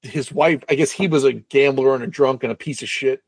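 A man's voice: mid-range voice, a little fast, breathy edge, no echo. A man casually recapping a film plot in a rambling, swearing storytelling manner, as a co-host.

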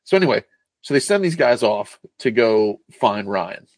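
A man's voice: fairly low pitch, big pitch swings, moderate pace, dry recording. A man chatting casually about a film, rambling and swearing as he acts out scenes. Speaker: podcast co-host.

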